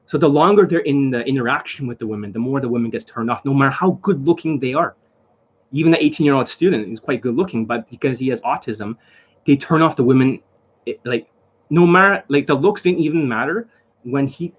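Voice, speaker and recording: Husky-voiced man, blunt rambling coach. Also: mid-range voice, a little fast. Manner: rambling and blunt, with frequent profanity and fillers. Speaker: dating coach. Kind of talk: unscripted monologue to camera. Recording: dull lo-fi recording.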